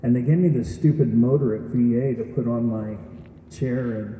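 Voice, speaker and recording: Male speaker, earnest storyteller, dark mellow tone, heard from a distance in a hall. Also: medium pitch, normal speed, slight background noise. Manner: earnest storytelling, addresses audience with questions. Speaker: graduation speaker. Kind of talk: testimonial speech. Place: event hall. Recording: echoey hall from far off.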